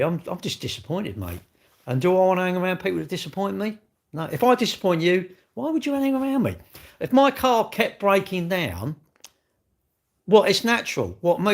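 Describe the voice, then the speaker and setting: A man's voice: fairly high pitch, vocal fry. A man hosting a casual livestream, talking in an exasperated, rambling way and repeatedly calling the viewer "mate". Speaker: livestream host.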